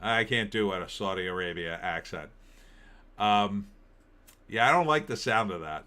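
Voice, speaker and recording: Bright-voiced opinionated male commentator. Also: on the low side, animated, measured pace. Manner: opinionated, rambling, reacts to headlines and chat. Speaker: political commentary host. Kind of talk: casual live-stream commentary.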